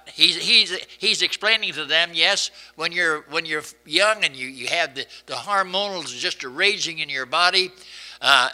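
Bright-voiced preacher man, drawl. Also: a little high, rough recording. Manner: repeats and restarts words, earnest conversational preaching. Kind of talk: sermon.

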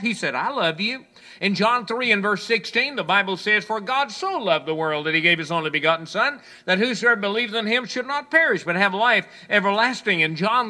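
A man preaching a sermon, quoting scripture and acting out people's complaints, swinging between loud proclamations and hushed asides. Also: high-pitched. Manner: preaching, quotes scripture, voices the complaints of listeners.

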